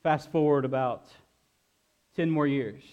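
A middle-aged man preaching a sermon, sharing a personal testimony in an earnest way, often halting and repeating himself. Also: medium pitch, highs cut off. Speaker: pastor.

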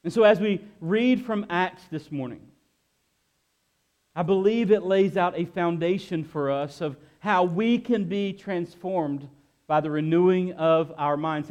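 Earnest man preaching, slightly high voice. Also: darkish tone. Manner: earnest, repeats himself, halting restarts. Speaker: pastor. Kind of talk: sermon with personal testimony.

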